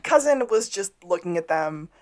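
A woman co-hosting a podcast, recapping a tabletop game session in an animated, incredulous way. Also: fairly low pitch, normal speed. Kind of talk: casual storytelling recap.

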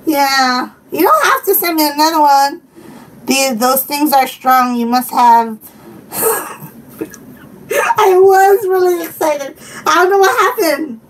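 A woman with a high, lively voice chats casually with her live stream viewers, speaking slowly with long pauses. She giggles and laughs often and reads the chat aloud. The distant mic picks up faint background noise.

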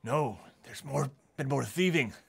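A man's voice: mid-range voice, animated, a little slow, creaky, a bit bright, husky, heavily acted. A man voicing a tipsy, paranoid male dragonborn who patrols the town for thieves. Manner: rambling and jumpy, suspicious of thieves.

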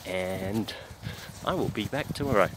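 Male host, lowish voice, breathless uphill outdoor walk, halting fillers, clear outdoor noise around him. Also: animated. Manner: halting, many fillers and restarts. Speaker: host of a daily podcast. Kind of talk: casual spoken news update. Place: outdoors on a hill.

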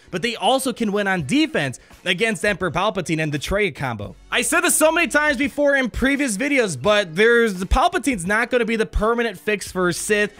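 A man giving excited gameplay commentary on a mobile game, enthusiastic and exclamatory, rambling with frequent restarts. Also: sits high. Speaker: gaming YouTuber.

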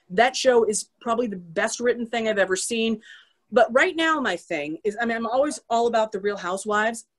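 A woman author chatting casually on a video call, full of quick tangents and self-deprecating asides. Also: mid-range voice, a bit bright. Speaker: author guest. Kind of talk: casual chat on a virtual author event.

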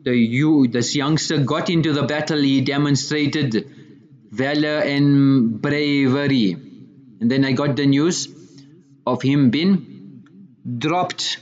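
A man giving a religious lecture as a story. He recites Arabic passages, then paraphrases them in English, repeating words and piling up synonyms. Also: mid-range voice. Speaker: Islamic lecturer. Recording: dull lo-fi recording.

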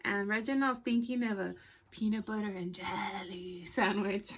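A woman's voice: mid-range voice, fairly even intonation, a little slow, breathy edge. A woman librarian reading a picture book aloud to children. She stops to ask her listeners questions and laughs often.

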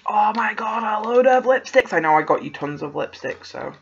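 A young woman, chatting casually as she unboxes a parcel, gasping and gushing with excitement. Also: medium pitch, moderate pace, creaky, a little hiss or hum. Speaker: vlogger opening a parcel. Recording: slightly dull home video audio.

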